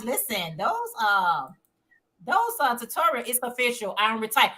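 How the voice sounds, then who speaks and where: A woman's voice: sits high, expressive, normal speed, bright, forceful tone. A woman hosting a casual livestream, chatting informally and reading viewer comments aloud. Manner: reads chat messages aloud, chatty and informal. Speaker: livestream host.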